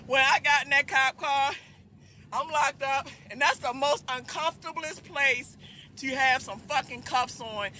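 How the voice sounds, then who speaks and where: A woman vlogger telling a story casually, loud and profane, often breaking into laughter. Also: high voice, a little hiss or hum. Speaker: trucking vlogger.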